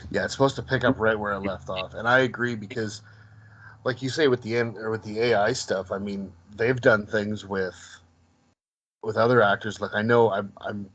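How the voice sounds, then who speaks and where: A man's voice: lowish voice, steady tone, normal speed, a bit bright, muffled recording. A man co-hosting a casual podcast, talking in a hesitant way with frequent restarts. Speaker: podcast co-host.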